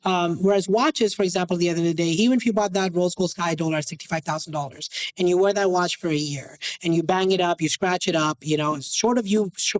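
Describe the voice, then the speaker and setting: A watch dealer appears as a guest on an interview show, casually telling stories and animatedly acting out the dialogue in them. His voice is high and brisk with few pauses, and the audio quality is poor.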